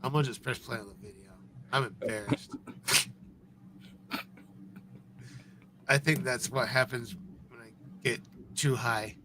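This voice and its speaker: A man's voice: mid-range voice, steady tone, a little slow, pauses often, noisy background. A man co-hosting a live stream, rambling and mocking as he reacts to a video. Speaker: stream co-host. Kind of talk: casual live-stream commentary.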